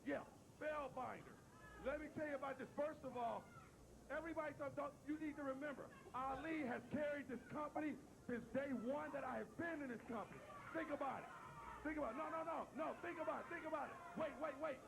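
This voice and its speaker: A man's voice: extremely high pitch, a little fast, gravelly, noisy background. A man cutting a brash wrestling promo in a TV studio, repeating himself and taunting the crowd. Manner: brash, repetitive trash talk.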